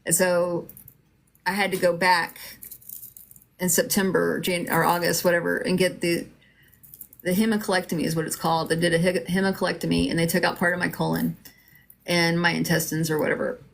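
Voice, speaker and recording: A woman's voice: on the low side, little pitch movement, brisk, vocal fry. A middle-aged woman telling her own story in a casual, rambling way, with lots of fillers and restarts.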